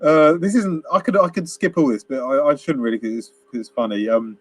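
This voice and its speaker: A man's voice: on the high side, a little fast. A man co-hosting a casual film review chat, rambling and laughing as he acts out quotes. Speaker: podcast co-host.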